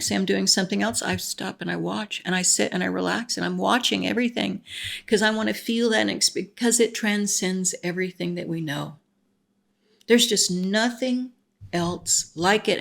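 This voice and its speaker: A woman's voice: medium pitch, creaky. A woman vlogger talking in a casual, enthusiastic, rambling monologue, full of fillers.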